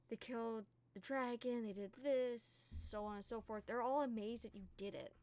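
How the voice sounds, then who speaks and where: A woman's voice: medium pitch, clean tone. Woman narrating as game master. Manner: casual, halting narration with fillers.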